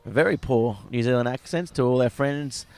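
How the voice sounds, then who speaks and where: A man commentating a live rugby sevens match, excitable and rising to shouts at tries. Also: mid-range voice, moderate pace, clear, resonant tone. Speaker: sports commentator.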